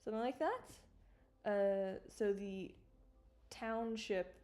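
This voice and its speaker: A woman chatting casually on a live stream about her own work, animated and swearing, with mock outrage and quick laughs. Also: medium pitch.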